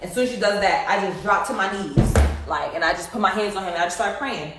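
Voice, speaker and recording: A young woman casually tells her viewers an emotional story, rambling with lots of fillers. Her medium-pitched voice moves fast. The recording sounds distant in a very echoey room, with faint noise.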